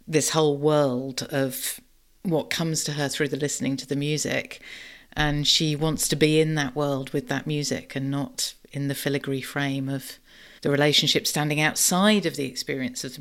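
A woman co-hosting a podcast, talking reflectively in a warm, thoughtful way and often ending points with a tag question. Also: low-pitched. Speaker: podcast co-host. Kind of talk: reflective conversational discussion.

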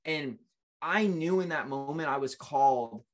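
A man's voice: on the high side, lively intonation, unhurried. A man in his late twenties, a guest in an interview, telling his life story in an earnest, emotional way with frequent restarts. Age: late 20s.

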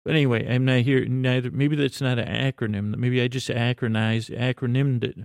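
A man telling a meandering, improvised bedtime story to a pen pal, halting often and filling gaps with fillers and restarts. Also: medium pitch, steady tone, gravelly, no room sound.

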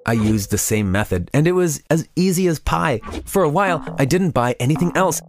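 A man telling a scripted confession story in an even, regretful storytelling voice. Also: fairly high pitch, fairly quick, slight background noise.

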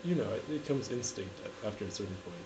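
A man playing a forty-year-old who insists he is only ten years old, earnest and deadpan in an improvised comedy interview. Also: fairly low pitch, fast, noisy background. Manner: deadpan, earnest, breaks into laughter. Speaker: interview guest.

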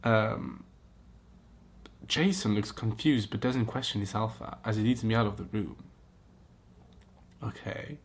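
A man's voice: lowish voice, a little slow, long pauses, husky. A man hosting a podcast, reading a romance story aloud and breaking off into giggly, mocking comments. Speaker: podcast host. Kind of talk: comic reaction reading.

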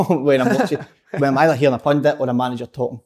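A man's voice: medium pitch, quick pace, a little mellow. A man with a Scottish accent in casual football chat, blunt and opinionated, swearing freely.

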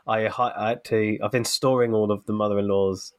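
Chatty man with a low voice. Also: level tone, fairly quick. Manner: chatty, anecdotal, many fillers and restarts. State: recovering from a cold. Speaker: podcast co-host. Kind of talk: casual chat.

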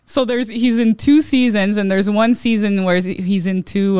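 A woman's voice: mid-range voice, steady tone, unhurried, mellow, smooth, no room sound, clean studio sound. A woman telling stories on a podcast, chatty, full of "like", laughing often. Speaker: podcast guest, comedian. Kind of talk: casual storytelling chat.

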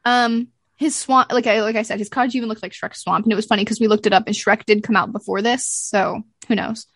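A woman's voice: on the high side, brisk, dry recording, clean studio sound. A woman co-hosting a podcast, chatting casually and animatedly retelling scenes. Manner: animated recapping, acts out lines from scenes. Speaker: podcast co-host. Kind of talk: casual chat.

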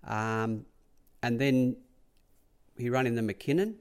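A man's voice: mid-range voice, takes it slowly, darkish tone, smooth. A man with an Australian accent recalls his time as a track rider in a casual, rambling way. He keeps repeating "he said" and "I said" as he tells his stories. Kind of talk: casual anecdotal storytelling.

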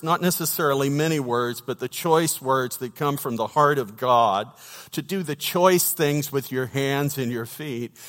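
A man's voice: a little high, a bit bright. A man preaching a sermon, telling a folksy story with humorous asides to his congregation. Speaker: pastor. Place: church sanctuary. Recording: long reverb of a church hall.

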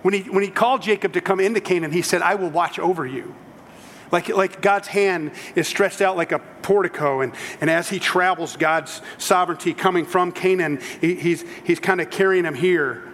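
A man's voice: high-pitched, normal speed, fairly bright tone, long reverb tail, slight background noise. A man preaching a sermon, telling the story in a conversational way with humorous asides. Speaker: pastor.

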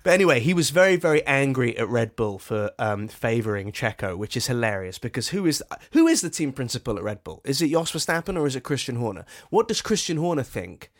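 A man's voice: medium pitch, sing-song, brisk, hardly any pauses. A man co-hosting a comedy podcast, wry and mocking in casual chat. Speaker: podcast co-host.

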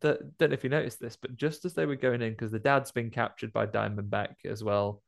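A man's voice: medium pitch, fairly even intonation, brisk, creaky. A man chatting casually about a film, jokily acting out the characters' lines. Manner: jokey, playfully acts out film characters' lines.

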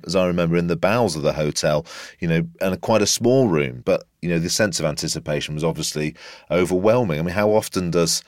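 Deep-voiced man reporter, dry sound. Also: dry recording. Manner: deliberate, descriptive. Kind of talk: interview and recollection.

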